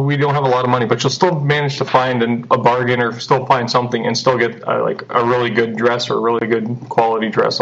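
A man's voice: mid-range voice, a bit bright. A young man chatting as an interview guest, laughing often and acting out quotes. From Canada. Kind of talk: casual interview chat. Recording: dull lo-fi recording.

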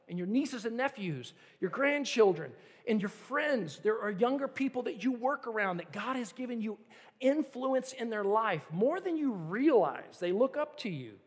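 A middle-aged man preaching a sermon as pastor, telling stories earnestly and building to emphatic, repeated appeals. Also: high-pitched. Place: church sanctuary. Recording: long reverb of a large hall.

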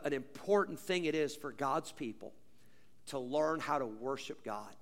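This sermon comes from a male pastor with vocal fry, heard in a big-room acoustic. He drives home points through repetition and rhetorical questions, alternating booming stretched-out emphasis with hushed asides.

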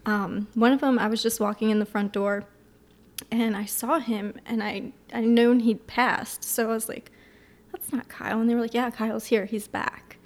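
A woman with a somewhat high voice recounts her dreams in a quiet, hesitant way. She often trails off and pauses in casual conversation. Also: fairly even intonation. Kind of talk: casual podcast chat.

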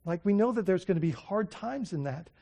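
A man preaching a sermon, telling stories with excitement, often restarting his sentences. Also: high voice, fairly quick. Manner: excited storytelling, many restarts and fillers. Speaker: pastor.

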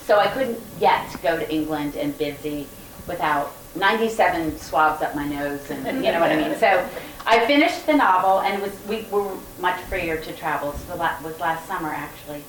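Brief: lower-voiced Southern woman, animated storyteller, miked from a distance in a roomy event space. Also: moderate pace, a little hiss or hum. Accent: Southern American. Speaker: guest author. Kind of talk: storytelling to a live audience. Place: event room with audience. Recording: roomy, distant mic with faint ambience.

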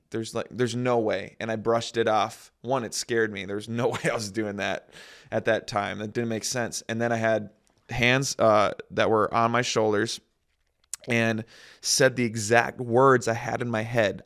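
A man's voice: mid-range voice, fairly bright tone, smooth. A man in casual faith talk, telling a personal story in a rambling, self-interrupting way.

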